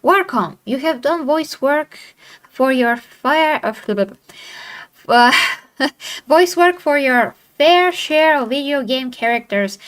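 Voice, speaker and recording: A woman's voice: fairly high pitch, a bit bright. A woman host reading an interview aloud in a playful way, tripping over hard names now and then. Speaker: channel host.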